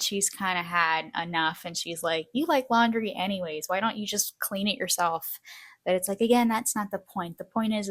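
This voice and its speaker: A woman's voice: fairly low pitch, fairly bright tone, no room sound. A woman recapping a TV show in a chatty, casual way, acting out quotes as she goes. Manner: chatty, acts out quotes, frequent "like". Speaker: video essay host.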